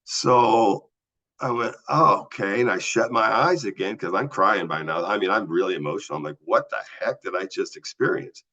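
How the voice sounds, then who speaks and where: A man's voice: on the low side, normal speed. A man telling a personal story as a podcast guest, vividly acting out the voices of the people he talks about. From US Southwest. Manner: animated storyteller acting out dialogue. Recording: slightly dull lo-fi audio.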